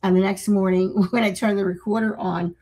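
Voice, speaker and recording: A middle-aged woman co-hosting a paranormal talk show, telling a story in a casual, animated way and laughing often. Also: mid-range voice, a little fast, low-quality recording. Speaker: podcast co-host.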